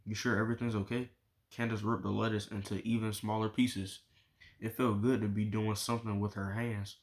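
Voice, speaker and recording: A man reading a novel aloud, chapter by chapter, in steady unhurried narration. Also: fairly low pitch. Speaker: audiobook reader.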